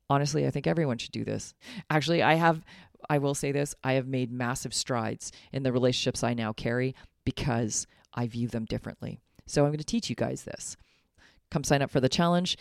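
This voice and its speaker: A woman coach pitching her course straight to the listener, earnest and emphatic, with plenty of direct questions. Her voice has a gravelly, fried edge. The sound is dry and close, with no room around it. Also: a little mellow, no room sound. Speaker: life coach. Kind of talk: motivational direct-to-camera pitch.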